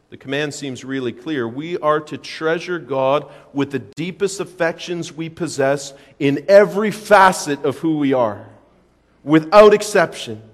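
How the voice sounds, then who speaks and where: A man preaching a sermon in a church, his somewhat high voice carrying a long reverb through the room. He rushes through asides and then slows down, leaning hard on key words. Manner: emphatic preaching, swings between quick asides and slow stressed phrases. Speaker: pastor.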